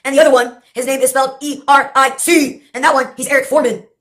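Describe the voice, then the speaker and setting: Woman from Texas, high voice, sarcastic, profane, rambling, laughs often. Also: steady tone, fast, fairly bright tone. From Brownsville, Texas. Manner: jumps from topic to topic. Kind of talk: rambling monologue.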